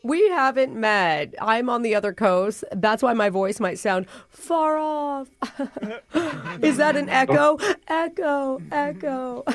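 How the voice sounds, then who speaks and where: Woman doing a patronizing HR rep, prank call, sweetly condescending, slightly high voice. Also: lively intonation, slow, heavily acted. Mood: smug, patronizing. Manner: sweetly condescending, corporate politeness. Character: prim, smug corporate HR rep, adult woman. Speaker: radio show host.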